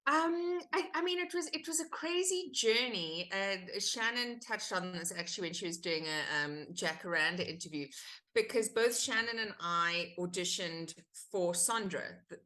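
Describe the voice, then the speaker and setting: Actress, guest on a chat podcast; animated storyteller, bright clear tone. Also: female voice, medium pitch, normal speed. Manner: animated storytelling, acts out quoted exchanges. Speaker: actor guest. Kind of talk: casual interview chat.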